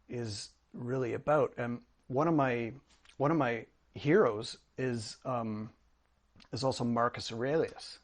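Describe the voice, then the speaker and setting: A middle-aged man speaking as a guest in a casual interview, earnest and reflective, with frequent restarts. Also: mid-range voice. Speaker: podcast guest, drumming coach.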